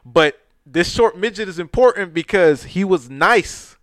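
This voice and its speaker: A man's voice: high voice, a little slow, no echo, clean studio sound. A man co-hosting a casual podcast chat, retelling movie scenes with loose, profane street talk and acting out the characters. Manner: animated storyteller who acts out movie scenes. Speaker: podcast co-host.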